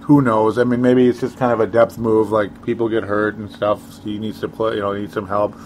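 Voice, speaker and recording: A man's voice: fairly low pitch, flat delivery, brisk, a little mellow, a little hiss or hum. A man co-hosting a sports talk show, rambling casually with chuckles and sarcastic asides.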